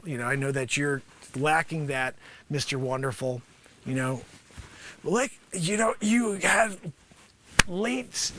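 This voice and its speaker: A man hosting a live stream, improvising a comic sales pitch in a rambling, sarcastic way full of filler phrases, with sudden loud outbursts. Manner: animated, jumps to loud outbursts. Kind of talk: improvised comedic pitch bit.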